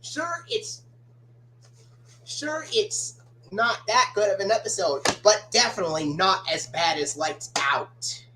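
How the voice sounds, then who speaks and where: A woman hosting a casual chat stream, talking in a halting way as she discusses cartoon episodes. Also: medium pitch, animated, background noise. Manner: halting, with fillers and restarts. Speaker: stream host.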